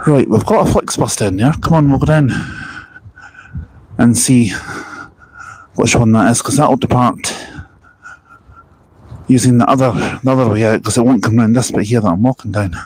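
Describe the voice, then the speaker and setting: A man's voice: medium pitch, moderate pace, long pauses, darkish tone, husky, rough recording. Chatty Scottish man streaming outdoors. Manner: rambling, chatty, self-deprecating asides. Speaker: live streamer reading viewer chat. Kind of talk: casual live-stream chat. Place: outdoors at a bus park-and-ride, walking. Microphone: small wireless mic on phone stream.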